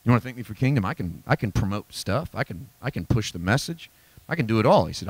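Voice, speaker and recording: A man preaching a sermon at a church Bible study, emphatic and folksy, dropping to low asides and climbing to high exclamations. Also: sing-song, fast, slightly rough, dry recording. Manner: folksy, self-deprecating humor. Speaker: pastor.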